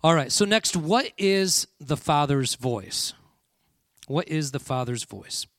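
A man's voice: on the high side, animated, takes it slowly, fairly bright tone, dry recording. A man preaching a sermon to a congregation, with frequent call-and-response and "all right" checks. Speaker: pastor.

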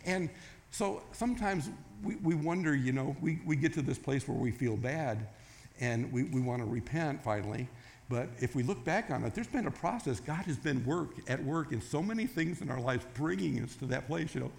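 Guy preaching, casual storytelling voice, acts out the voices, middle pitch. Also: normal speed, gravelly, slight background noise. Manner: storytelling, acts out quoted voices with rising excitement. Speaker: pastor. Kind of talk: sermon.

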